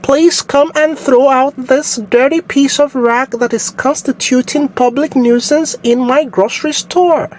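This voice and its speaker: A woman's voice: a little slow, few pauses, a little mellow, a little hiss or hum. A woman doing a snobby fake-posh heiress. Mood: haughty. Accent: put-on British. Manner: haughty, shrill calling out. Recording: distant from the mic.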